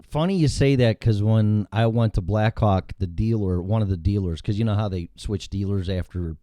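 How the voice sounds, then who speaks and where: A man with a Chicago accent hosting a talk show in casual, profane chat, telling animated stories. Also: fairly low pitch, normal speed, no echo.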